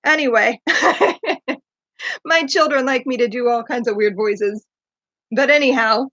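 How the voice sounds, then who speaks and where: A woman's voice: on the high side, slow pace, pushed and bright, no echo. A woman hosting a casual book discussion, chatty and eager, who laughs often. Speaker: podcast host. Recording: dull lo-fi dry sound.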